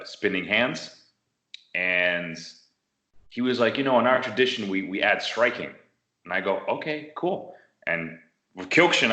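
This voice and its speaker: A man from the United States tells his story in a relaxed interview, lively and acting out the voices of the people in it. His voice sits a bit low but sounds bright and forceful. The room around him is roomy and echoey. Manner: animated storyteller, acts out quotes. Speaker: interviewee, martial arts practitioner. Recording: roomy echo.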